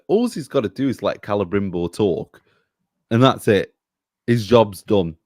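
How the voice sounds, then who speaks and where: A man's voice: medium pitch, a little mellow, dry recording, studio quality. A man in a casual review chat, critical and exasperated. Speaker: co-host reviewer.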